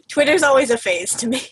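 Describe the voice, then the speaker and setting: A young woman co-hosting a podcast in casual chat, laughing often and trailing off softly at the ends of lines. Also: sits high, expressive, normal speed, slightly rough, rough recording. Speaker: podcast co-host.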